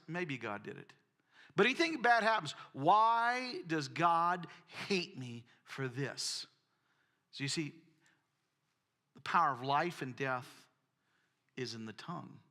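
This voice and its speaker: A male pastor giving a sermon, his voice bright and forceful, sitting a little above the usual pitch for a man. He tells homespun stories with an animated, repeating delivery. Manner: folksy storytelling, repeats words, animated.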